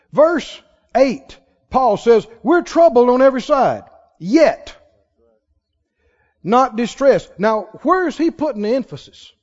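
High, lively preacher in a reverberant hall. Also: male voice. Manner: emphatic preaching, calls for audience response. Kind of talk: sermon. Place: church sanctuary. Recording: dull sound in a large reverberant hall.

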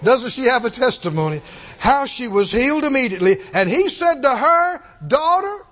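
A man preaching a sermon, telling the story with animated delivery, acting out quoted lines and chuckling often. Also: extremely high pitch, moderate pace, highs cut off.

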